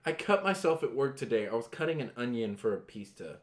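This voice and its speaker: A man's voice: mid-range voice, big pitch swings, fairly quick. A young man co-hosting a podcast, telling stories loosely with lots of fillers. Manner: loose storyteller, filler-heavy. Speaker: podcast co-host. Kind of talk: casual chat.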